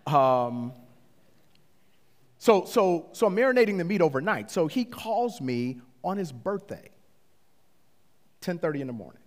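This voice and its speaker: A middle-aged man pastor telling a story in a sermon, animated and often climbing high when he retells conversations. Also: moderate pace, long pauses. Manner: animated, rising to excited high-pitched retellings. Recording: long hall reverb.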